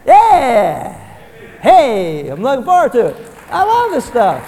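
A man preaching a sermon as pastor, swinging from hushed to shouting. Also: extremely high pitch, wildly swooping pitch, normal speed. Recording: reverberant hall.

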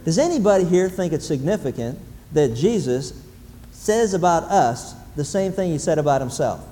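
A man preaching in an animated sermon style, stacking repeated phrases and punching them louder. His voice sits a little high but soft and mellow in tone. It rings out with long reverb in a big hall, with faint room ambience underneath. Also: normal speed. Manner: animated, repetitive emphasis, rising to loud exclamations.

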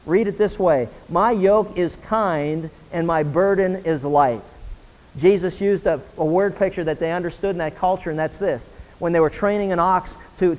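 A man's voice: sits high, a little mellow, big-room sound, poor audio. A man preaching a sermon as a pastor, earnest and rising in intensity on key points. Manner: earnest preaching, rising and pressing when emphatic.

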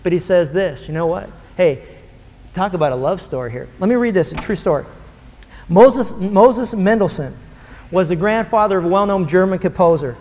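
A man's voice: high voice, moderate pace, darkish tone. A man preaching a fervent, emphatic sermon, acting out quoted dialogue as he goes. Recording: long hall reverb.

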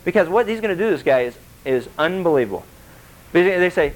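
Guy preaching, kinda high voice, animated, keeps asking the crowd stuff. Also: quick pace, rough recording. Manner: animated, acts out quotes with shifting voice; conversational, asks the congregation questions. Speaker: pastor. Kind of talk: sermon.

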